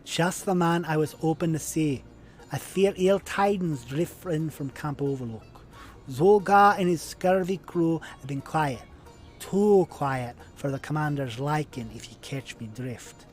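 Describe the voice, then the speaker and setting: A man voicing a scheming woman lieutenant in a video game, in a put-on rough sailor accent that drifts. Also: fairly high pitch, a little slow, faint music behind, close to an everyday voice. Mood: conspiratorial. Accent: put-on rough sailor accent, shifting.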